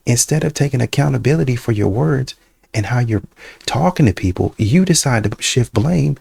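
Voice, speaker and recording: A man's voice: mid-range voice, animated, normal speed, vocal fry, a little mellow, husky, dry recording. A man hosting a reaction video, talking in a casual, conversational way and sometimes putting on voices to quote people. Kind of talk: casual commentary.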